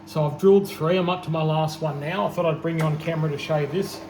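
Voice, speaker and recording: A man's voice: on the high side, steady tone, fast talker. A man with an Australian accent, casually narrating his work in a home workshop with self-deprecating jokes. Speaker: home machinist. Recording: echoey workshop with loud machine noise.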